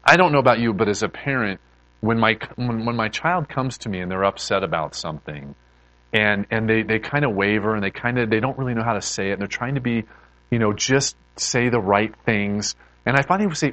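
A man preaching in a relaxed, chatty way, often stopping to restart a sentence. His pitch swings widely as he talks. The sound is dry and close, with no room echo. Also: brisk. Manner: animated, conversational preaching with many restarts. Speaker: pastor. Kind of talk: sermon.

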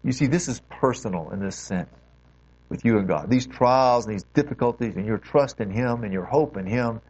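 A man's voice: mid-range voice, normal speed, a little mellow. A man preaching a sermon as pastor, earnest and exhorting, leaning hard on key phrases. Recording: dull lo-fi recording.

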